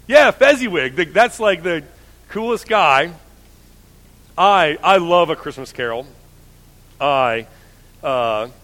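A man's voice: a little high, fairly bright tone, big-room sound. A male pastor giving a casual, enthusiastic sermon, telling stories with many restarts and fillers.

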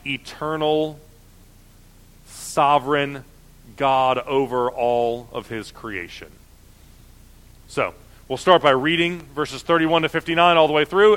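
A man's voice: mid-range voice, a bit bright. A man giving a sermon as a pastor, talking conversationally with fillers, then reading scripture aloud with rising emphasis. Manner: conversational, many fillers and restarts.

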